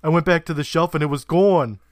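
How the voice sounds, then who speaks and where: A man doing a gruff Jersey-accented clerk witness, blunt. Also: fairly high pitch, a little fast, no echo, clean studio sound, voice pushed up, close to an everyday voice. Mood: matter-of-fact. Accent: New Jersey.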